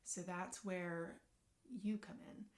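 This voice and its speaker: A woman working as a parenting coach and social worker, speaking to camera and giving advice directly to parents in an earnest, gentle way. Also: fairly low pitch, takes it slowly.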